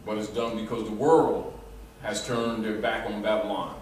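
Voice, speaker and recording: A man's voice: fairly low pitch, moderate pace. Man lecturing in an echoey room. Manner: animated, rambling, often laughs and restarts. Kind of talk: informal lecture to a small group. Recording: echoey room, mic far off, faint noise.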